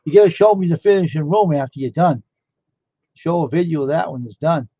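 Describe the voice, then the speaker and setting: A man's voice: a little high, fairly quick, mellow, dry recording. A man chatting casually on a live stream, rambling and amazed, firing off one question after another. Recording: dull lo-fi dry sound.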